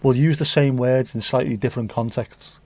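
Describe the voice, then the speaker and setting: A man from England hosts a livestream, chatting casually and reading viewer comments with rambling, jokey asides and plenty of swearing. His mid-range voice is steady, a little mellow, and moderately paced, with no room sound.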